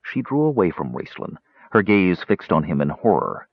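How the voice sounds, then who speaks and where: Male audiobook narrator, deep voice, animated delivery, dry dull recording. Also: moderate pace, husky, no echo. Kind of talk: scripted narration. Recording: slightly muffled audio.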